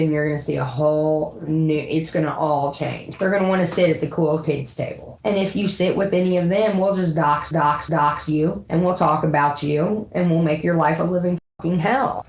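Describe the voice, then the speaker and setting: A woman's voice: on the low side, low-quality recording. A middle-aged woman ranting to her viewers in a profane, boastful and threatening way. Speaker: drama livestreamer. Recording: faint background noise.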